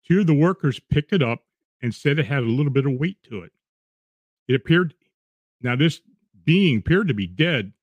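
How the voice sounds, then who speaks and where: Man calmly reading eerie accounts. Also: medium pitch, no room sound. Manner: steady, measured reading with occasional restarts. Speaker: narrator reading paranormal accounts. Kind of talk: read-aloud storytelling.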